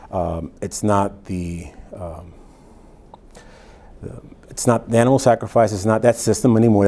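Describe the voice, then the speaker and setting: Pastor guy, lowish mellow voice, reads bible verses slow then chats through what they mean. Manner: reads scripture slowly, then explains in plain, conversational asides. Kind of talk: Bible teaching sermon.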